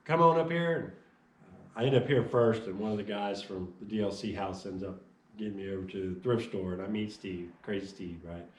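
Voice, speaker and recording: A man's voice: on the low side, a little fast, recorded from a distance. A man from Chicago telling his personal testimony, acting out the voices of the people in his story. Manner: animated storyteller acting out dialogue. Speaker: testimony speaker. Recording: echoey room.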